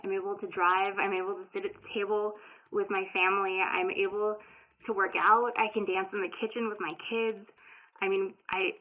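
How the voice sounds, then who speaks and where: Woman in her thirties, heartfelt first-person storyteller with a halting delivery and a thin, lo-fi sound. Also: medium pitch, level tone. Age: 30s. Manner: emotional, halting, many restarts and fillers. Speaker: author telling her story. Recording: tinny phone-like sound.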